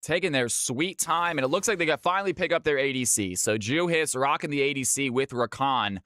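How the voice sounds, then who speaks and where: A man's voice: medium pitch, fairly quick, pushed and bright, no echo, studio quality. A man from California casting a video game match live on stream. He keeps an upbeat, chatty play-by-play going and talks straight to his chat. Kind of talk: live esports play-by-play commentary.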